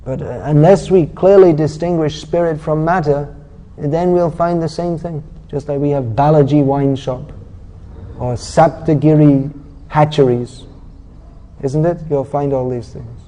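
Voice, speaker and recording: Speaking a little slowly with fairly even intonation, a preacher scolds his scripture class bluntly and sarcastically. He has a very dark, mellow voice that sits somewhat high for a man, and the audio is poor.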